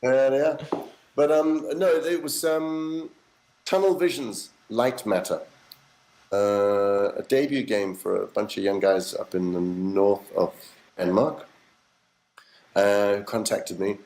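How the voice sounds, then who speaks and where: A middle-aged man, a voice actor, telling animated stories in a casual interview, acting out quotes and swearing now and then. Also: lowish voice, takes it slowly, low-quality recording. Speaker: voice actor guest.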